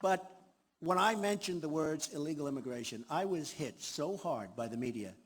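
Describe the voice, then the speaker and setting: A man's voice: fairly high pitch, animated, moderate pace, breathy edge. A man in his sixties giving an off-the-cuff campaign rally speech, boastful and repetitive. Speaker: candidate at a rally. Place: large hall before a crowd. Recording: reverberant hall, faint ambience.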